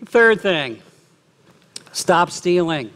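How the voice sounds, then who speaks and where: Animated middle-aged male pastor preaching. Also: high-pitched, extremely slow. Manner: animated, acts out quoted speech. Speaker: lead pastor. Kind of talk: sermon. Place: church.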